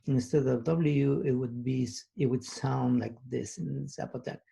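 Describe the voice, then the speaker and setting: Man, language teacher, heavy vocal fry, husky voice, patient explanations, words repeated twice. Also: mid-range voice, steady tone, mellow. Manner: patient, explains slowly with many pauses and fillers; repeats each example word twice. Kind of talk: recorded language lesson.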